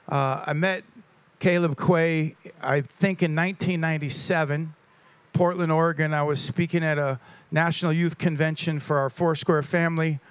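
A man pastor introducing a guest speaker to his church, telling a story with animated energy and praying over him. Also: on the high side, moderate pace, smooth, no room sound.

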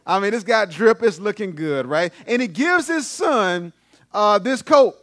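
Guy preaching in church, high voice swinging all over, punches and repeats his lines. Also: measured pace, dry recording, clean studio sound. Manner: animated, emphatic preaching with repeated phrases. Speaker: pastor. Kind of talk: sermon. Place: church sanctuary.

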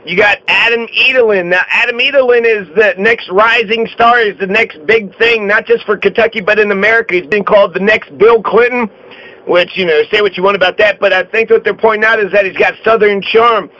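A man giving an opinionated political monologue, blunt and repetitive, filling pauses with "you know". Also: high-pitched, steady tone, pushed and bright, dull audio. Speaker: political commentator.

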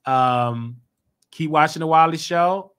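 Guy w/ hosting his own show, bright tense voice, gets loud and worked up. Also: on the high side, takes it slowly, clear, resonant tone. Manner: animated, rising to emphatic outbursts. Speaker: show host. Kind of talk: solo commentary show.

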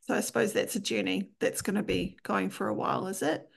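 A woman's voice: mid-range voice, big pitch swings, brisk, gravelly. A woman hosting a faith podcast, asking questions and reflecting affirmingly on her guest's story. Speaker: podcast host.

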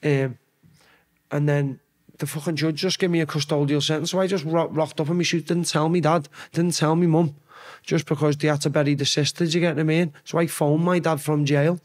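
A man's voice: on the high side, steady tone, brisk. Sweary Scouse man telling stories. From Liverpool. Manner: sweary, rambling anecdotes with acted-out quotes. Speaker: podcast guest. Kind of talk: casual storytelling chat.

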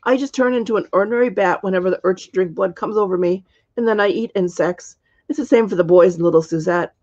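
A woman's voice: mid-range voice, quick pace, darkish tone, close to an everyday voice. A woman voicing a polite, good-humored young vampire girl who teases lightly, in a dull lo-fi recording.

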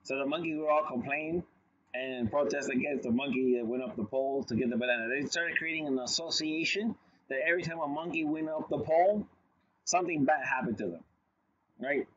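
A man's voice: fairly high pitch, a bit bright, muffled recording. A man giving a long lecture in a loose, conversational way, telling stories with asides and frequent restarts. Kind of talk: casual recorded lecture.

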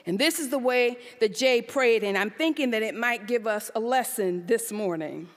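Woman pastor, high voice, lively preaching with rhetorical questions, long hall reverb. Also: moderate pace. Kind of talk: sermon. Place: church sanctuary. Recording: live church service in a reverberant hall.

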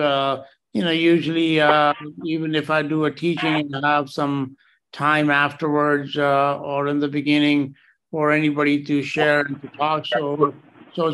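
A man hosting an online fellowship, answering callers in a calm, reassuring way with many fillers. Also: fairly high pitch. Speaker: fellowship host. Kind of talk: warm pastoral chat.

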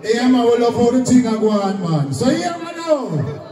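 A man's voice: extremely high pitch, big pitch swings, moderate pace. A man from Jamaica hosting a sound clash, chatting in patois. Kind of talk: hyped dancehall hosting. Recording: loud roomy live venue from a distance. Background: crowd and dancehall music.

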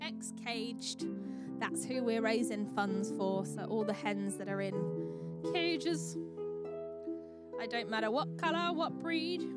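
A woman's voice: a little high, takes it slowly, loud music behind the voice. A woman hosting a charity livestream, chatting bubbly and thanking viewers by name. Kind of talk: live-stream chat.

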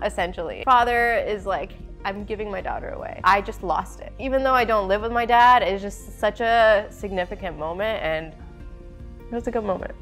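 Young adult woman, casual chatty vlogger, emotional and quick to laugh; light music bed. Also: medium pitch, fairly bright tone. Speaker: vlogger, bride. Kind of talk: casual vlog talk.

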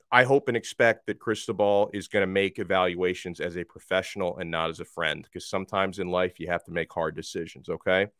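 Frank low-voiced man on sports talk. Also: a bit bright, clear, resonant tone, dry recording, clean studio sound. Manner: frank, conversational, reacts with laughs. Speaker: podcast host. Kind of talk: casual sports talk, reading listener tweets.

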